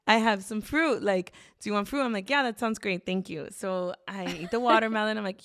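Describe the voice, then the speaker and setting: A woman's voice: mid-range voice, fast talker, no echo. A young woman co-host spins a story in casual podcast chat, leaning on "like" and dropping curse words as she acts out what everyone said. Her voice sits in the middle of the range, and the recording is dry, with no room sound behind it. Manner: animated storyteller, acts out quotes, frequent "like", swears.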